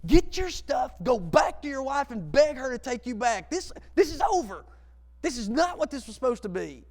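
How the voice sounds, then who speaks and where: A shrill, indignant woman, high-pitched and firm, telling someone off, as a male preacher puts her on in a reverberant hall. The voice is raised and insistent, with a gravelly edge and a long reverb tail. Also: big pitch swings, normal speed, a little mellow, heavily acted. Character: shocked woman sharply sending a man away.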